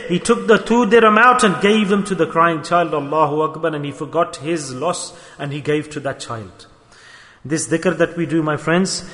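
A man's voice: high voice, fairly bright tone, big-room sound. A man preaching a storytelling sermon in an earnest, repetitive way, full of rhetorical questions.

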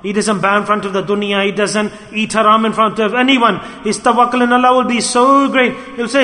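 A man preaching a sermon with passion, swinging between loud calls to the listeners and hushed asides. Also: sits high, steady tone, a little fast, hardly any pauses. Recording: echoey hall with long reverb.

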